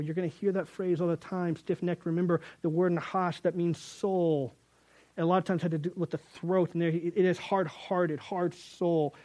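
Male preacher with a high voice; lively, conversational sermon delivery that acts out the scripture dialogue. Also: moderate pace. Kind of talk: sermon reading and explaining scripture.

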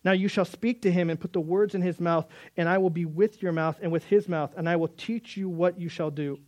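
A man's voice: high-pitched, fairly even intonation, a little fast, a little mellow. A man preaching a sermon as pastor, earnest, often repeating words and acting out short bits of dialogue.

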